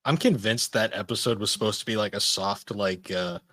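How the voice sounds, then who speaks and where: A man with a lowish voice chats casually as a podcast guest, wry and amused. He swears easily and chuckles through his stories. The recording is dry and close. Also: fairly quick, sharp tone, no echo. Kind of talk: casual chat.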